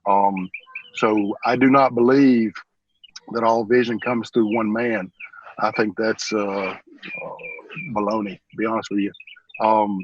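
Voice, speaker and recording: A man's voice: lowish voice, steady tone, unhurried, pauses often, muffled recording. A man who is a church pastor, talking casually and earnestly in an interview, rambling a bit and calling the interviewer "man", emotional and close to tears. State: emotional, holding back tears.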